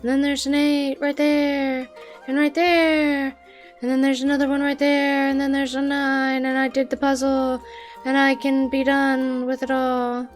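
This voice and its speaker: A woman's voice: high voice, flat delivery, unhurried. A woman streaming a game, thinking aloud as she works through a puzzle, muttering and exasperated. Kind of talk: live game commentary. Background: background music.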